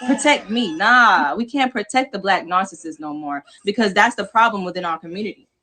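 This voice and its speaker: A woman with a Jamaican-American accent talks on a livestream panel with a bright, forceful edge. Her delivery is emphatic and repetitive, and she swears casually. Her pitch sits in a typical middle range for a woman. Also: animated, fairly quick. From New York. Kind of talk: impassioned livestream talk.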